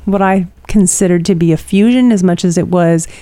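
A woman's voice: fairly low pitch, brisk, warm tone, no echo. A middle-aged woman, tired, co-hosting a casual chat and telling a rambling personal story. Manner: rambling and chatty, many fillers.

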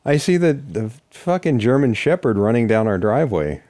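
A man's voice: mid-range voice, very animated, normal speed, mellow, no room sound. A man chatting casually with his partner, chiming in with wry quips as he takes over the story. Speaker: partner in a couple's chat. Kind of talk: casual chat.

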